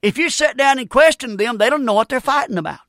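Speaking in a high, bright, ringing voice, a preacher delivers a fervent sermon, repeating amens and stumbling through quick restarts. A broadcast radio mic captures him close and dry, with no sense of the room.

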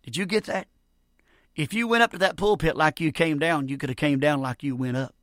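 A man's voice: a little high, animated, quick pace, a bit bright, no room sound, clean studio sound. A man in his sixties preaching a fervent radio sermon, often breaking in with "Amen".

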